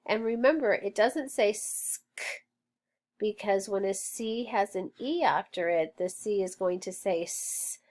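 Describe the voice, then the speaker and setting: A woman teaching a phonics lesson, sounding out words slowly and encouraging the learner as she goes. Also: mid-range voice, darkish tone. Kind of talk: slow, deliberate phonics lesson. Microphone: online lesson recording.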